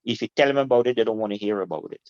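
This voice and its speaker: A middle-aged man, a guest telling his story in an animated, informal way and laughing easily. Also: lowish voice, rapid-fire, dry recording. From Guyana. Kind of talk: casual interview storytelling. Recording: dull lo-fi, dry.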